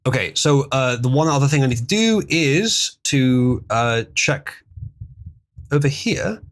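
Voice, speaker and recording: A man's voice: medium pitch, animated, a little slow. A man hosting a casual livestream, chatting loosely with chuckles as he reads out viewer donations. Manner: rambling, chuckling, reading out donations. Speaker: livestream host.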